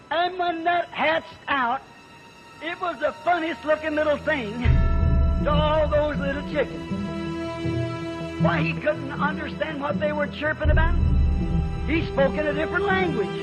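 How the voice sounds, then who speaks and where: A man's voice: very high-pitched, low-quality recording. A male preacher telling a folksy story in a sermon, plain-spoken, in a church. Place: church building.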